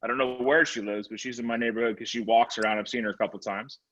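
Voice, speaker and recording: A man giving a motivational sales training talk, telling animated stories about his dog. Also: medium pitch, fast, a little hiss or hum. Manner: animated, energetic storytelling. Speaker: real estate sales trainer. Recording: slightly muffled recording.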